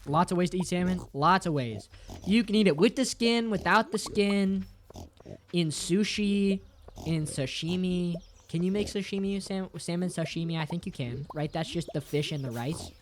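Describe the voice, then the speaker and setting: A man's voice: sits high, normal speed, a little hiss or hum. A man streaming a game, reading chat aloud and answering with crude, playful jokes. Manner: crude, profane, joking, reads chat aloud; mock-dramatic, playful teasing. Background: faint game music.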